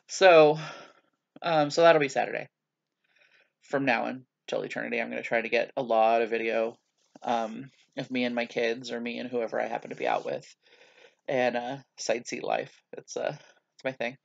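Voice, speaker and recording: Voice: mid-range voice, steady tone, moderate pace, gravelly, lo-fi sound. A vlogger talking through a casual video journal, rambling and self-mocking, with many hesitations and restarts.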